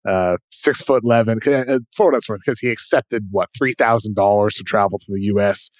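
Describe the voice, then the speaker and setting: A man with a New England accent hosting a basketball podcast, giving quick, informal rundowns of players. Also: fairly low pitch, steady tone, no room sound. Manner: brisk, informal, rundown style. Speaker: podcast host. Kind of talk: casual basketball chat.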